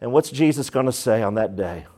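A man's voice: medium pitch, animated, fairly quick, mellow. A man preaching a sermon as pastor, emphatic and dramatic, acting out the voices he quotes.

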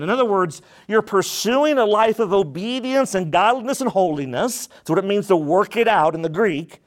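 A male pastor preaching a sermon, reading scripture emphatically and leading the congregation in prayer. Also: high-pitched. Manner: slow prayerful tone.

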